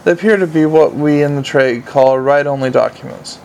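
A man's voice: on the high side, normal speed, gravelly, a little mellow, a little hiss or hum, rough recording. A man doing a fussy little imp. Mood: prim. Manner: prim, pedantic, eager to please. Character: small eager male gooseberry imp, fussy and literal.

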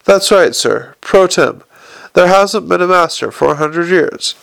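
A patient old foreman with a gravelly, working-class way of speaking, put on by a male audiobook reader. He lays everything out slowly, as if explaining to a child, in a dry, close recording. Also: high-pitched, expressive, a bit bright, dry recording, exaggerated voice. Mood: matter-of-fact. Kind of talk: audiobook character voice.

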